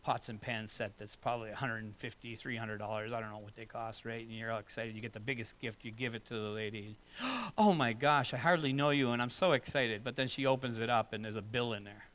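A man's voice: fairly low pitch, flat delivery, quick pace, hardly any pauses, a bit bright, rough recording. Earnest male pastor preaching conversationally. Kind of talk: sermon.

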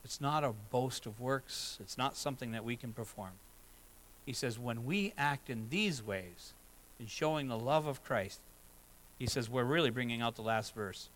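A middle-aged man delivers a sermon from the pulpit. He is earnest but conversational, and he slips into short acted-out asides. His voice sits at an ordinary middle pitch. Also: moderate pace, a bit bright, a little hiss or hum, poor audio. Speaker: pastor.

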